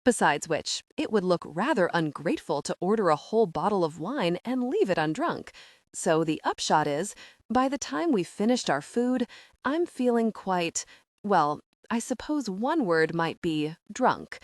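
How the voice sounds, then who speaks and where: A woman narrating a comic audiobook in the first person, expressive and self-mocking in a flustered way. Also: mid-range voice, a little slow, no echo, studio quality.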